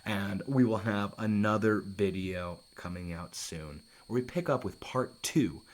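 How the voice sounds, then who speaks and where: A man teaching a Shakespeare play, reading lines aloud and paraphrasing them in casual, lively asides. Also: on the low side, a little slow. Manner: lively, casual asides, often restarts and says um.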